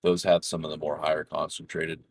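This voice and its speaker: A man's voice: a bass voice, little pitch movement, fairly quick, vocal fry, husky, no echo. A middle-aged man chatting casually over voice chat while gaming, telling stories in a rambling, profane way full of restarts. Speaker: gamer chatting with a friend.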